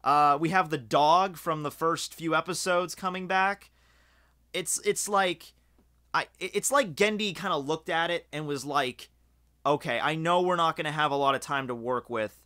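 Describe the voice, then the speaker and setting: A man from Scotland giving casual, rambling video commentary, excited and swearing freely, with lots of fillers. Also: a little high, measured pace. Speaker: video reviewer.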